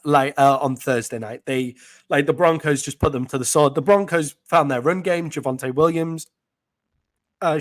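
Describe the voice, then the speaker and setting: A man with an English accent co-hosting a casual sports podcast, chatty and quick to laugh, with plenty of fillers. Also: on the high side, no echo. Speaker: podcast co-host.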